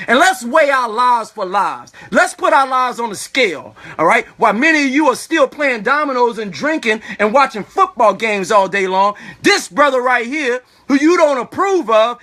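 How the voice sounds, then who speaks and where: A man speaking live as a community activist, giving an impassioned, preachy talk with repeated rhetorical questions, emotional and at times shouting. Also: extremely high pitch. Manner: preachy, repetitive rhetorical "all right?". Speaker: community activist and children's school organizer. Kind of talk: impassioned live-stream speech.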